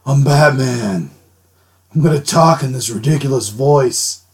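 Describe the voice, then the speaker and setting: A man voicing a gruff, brooding male caped vigilante in a low, put-on growl. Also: unhurried, lightly acted. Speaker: streamer doing an impression.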